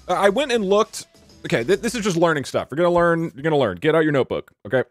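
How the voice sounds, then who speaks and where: A man streaming live, talking in an excitable, rambling and joking way. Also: fairly high pitch. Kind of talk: casual live-stream chat.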